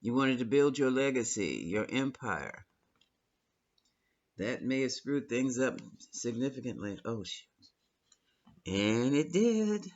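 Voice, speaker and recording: A man's voice: medium pitch, animated, unhurried, long pauses, dull audio. A man giving a tarot reading, effusive and affectionate, calling the listener honey and my love. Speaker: tarot reader.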